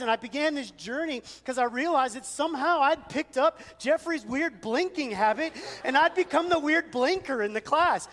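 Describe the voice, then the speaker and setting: A man's voice: extremely high pitch, normal speed, hardly any pauses, fairly bright tone, long reverb tail. A male pastor preaching a sermon, telling stories in a conversational way with self-deprecating humor. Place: church sanctuary.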